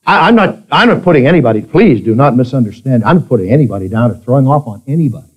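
A man preaching a sermon to a congregation, moving between quiet asides and emphatic exclamations. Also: expressive, very fast, slightly rough, lo-fi sound. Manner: preaching, swings between soft asides and loud high exclamations. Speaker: pastor. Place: church with a congregation.

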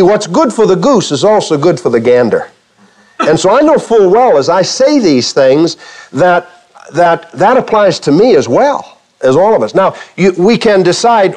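A man's voice: fairly high pitch, darkish tone. A man preaching a sermon to a church congregation, firing rhetorical questions at the listeners and acting out quoted speech with a touch of humor. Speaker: pastor.

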